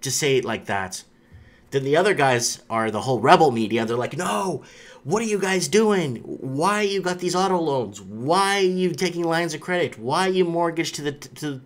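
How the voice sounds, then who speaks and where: A man's voice: on the high side, a bit bright. A man hosting a live stream, talking casually and rambling, with frequent restarts and fillers.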